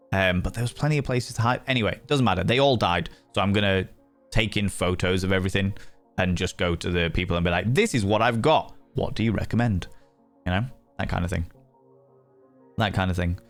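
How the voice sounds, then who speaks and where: A man hosting a livestream, chatting casually with viewers in a playful, theatrical way with mock outrage. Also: low voice. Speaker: livestream host.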